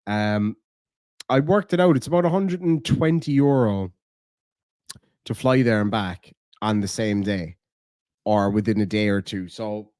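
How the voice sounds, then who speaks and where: A man's voice: on the low side, darkish tone, no room sound, studio quality. A man with an Irish accent chatting casually on a live stream, rambling, cursing and reading chat aloud. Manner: rambling, swears a lot, reads chat aloud.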